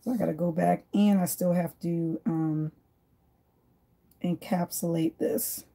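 A woman's voice: on the low side, fairly even intonation, measured pace, vocal fry, dark tone. A woman vlogger chatting casually and rambling while she does her nails. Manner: chatty, rambling, laughs often. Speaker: nail vlogger.

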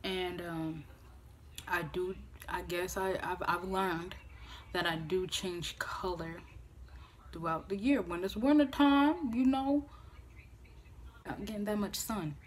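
Animated, profane young woman vlogger. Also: fairly low pitch, slow, pauses often, slight background noise. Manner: animated, profane, acts out quoted voices. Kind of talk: casual storytelling vlog. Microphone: phone camera.

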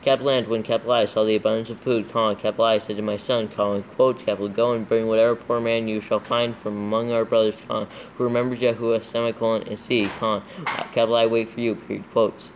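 A man's voice: lowish voice, little pitch movement, fast, hardly any pauses, a little hiss or hum, poor audio. A man reading scripture aloud for proofreading, calling out capitals and punctuation marks as he goes. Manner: reads steadily, spelling out capitals and punctuation. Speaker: reader dictating scripture for proofreading. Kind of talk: dictating text aloud with punctuation.

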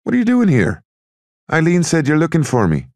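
A man voicing an easygoing, wisecracking young male bootlegger in an audiobook, lifting his deep, gravelly voice higher for the part. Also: sing-song, brisk, a little mellow, no echo, studio quality, exaggerated voice.

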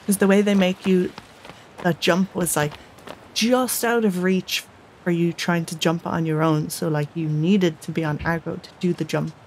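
A woman's voice: fairly low pitch, steady tone, moderate pace, a little mellow, slight background noise, poor audio. A woman giving casual commentary while playing a video game, talking in an upset, indignant way and swearing. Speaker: let's play gamer.

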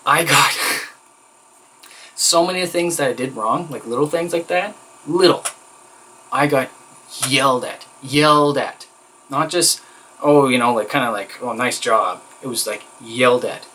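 A man's voice: mid-range voice, measured pace, pauses often, sharp tone, husky, rough recording. A man talking straight to camera in a casual vlog, candid and rambling, venting with plenty of fillers and an exasperated edge. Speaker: vlogger.

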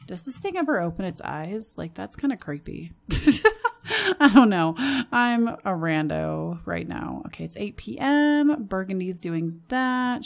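American girl narrating her sims game, talks back to the characters, gets excited fast. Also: mid-range voice. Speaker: gaming channel host. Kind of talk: casual let's-play commentary.

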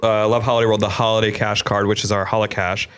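A man's voice: on the low side, little pitch movement, fast, fairly bright tone, clean tone. A man co-hosting a casual podcast, earnest as he reads out listener tips. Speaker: podcast co-host. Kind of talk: casual chat.

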